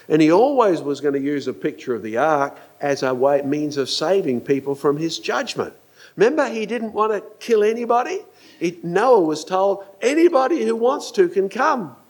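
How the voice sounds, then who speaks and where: Animated older preacher, fairly high voice. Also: male voice, moderate pace. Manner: animated, questions the audience, acts out quotes. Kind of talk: sermon.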